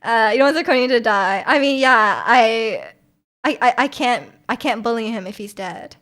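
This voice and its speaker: A woman's voice: fairly high pitch, moderate pace, fairly bright tone. A woman, from Vancouver, chatting casually with her stream viewers in a rambling, giggly way full of fillers. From Vancouver, Canada.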